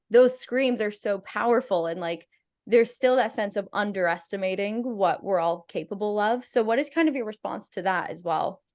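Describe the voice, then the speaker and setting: Woman, young adult, podcast host, enthusiastic, laughs easily, mid pitch. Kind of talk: hosting a roundtable interview.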